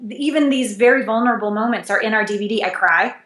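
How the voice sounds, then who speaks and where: A fairly high-voiced woman speaking as a guest in a relaxed interview. She is animated and expressive, her pitch leaping up and down as she acts out little exchanges with a laugh in her voice. The sound is roomy and echoey. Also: fast talker, a crowd in the background. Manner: animated, wide pitch swings, laughs while acting out dialogue. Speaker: intimacy coach, interview guest. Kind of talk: casual interview conversation. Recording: echoey room.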